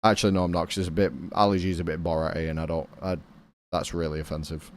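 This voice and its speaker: A man's voice: sits low, little pitch movement, quick pace. A young British man streaming a game, chatting casually with his chat and swearing now and then.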